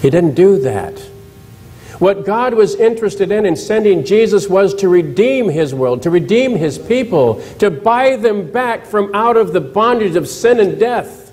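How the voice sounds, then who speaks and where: Mellow-voiced male pastor preaching. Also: high voice, lively intonation, unhurried, faint music behind, poor audio. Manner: conversational, asks the congregation questions; retells scripture with dramatized quotes. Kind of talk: sermon. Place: church.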